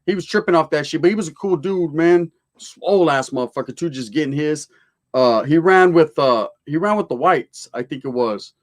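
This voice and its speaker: A man's voice: fairly high pitch, expressive, moderate pace. A man hosting a casual livestream, reading out viewer comments in laid-back street slang sprinkled with Spanish words.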